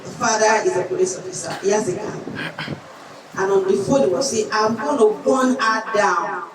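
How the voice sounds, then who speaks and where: A woman's voice: medium pitch, moderate pace, background noise. A woman teacher giving an earnest conference lecture, telling a personal story from her school. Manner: earnest, storytelling, acts out quoted voices. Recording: echoey hall, distant mic, audience.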